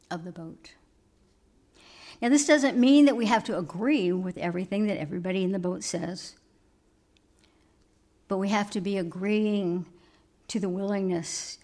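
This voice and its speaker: A woman giving a sermon, telling a story and moving between emphatic lines and hushed asides. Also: mid-range voice. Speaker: preacher.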